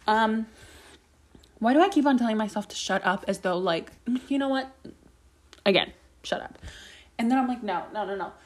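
A woman's voice: on the high side, animated, moderate pace, long pauses. Chatty young woman podcaster, swearing freely. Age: young adult. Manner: chatty, swears a lot, jumps between topics. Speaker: podcast host. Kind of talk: casual rambling monologue.

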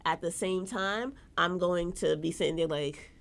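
A woman's voice: lowish voice, normal speed, creaky. A woman co-hosting a podcast in casual chat, candid and emphatic, often restarting her sentences. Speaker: podcast co-host.

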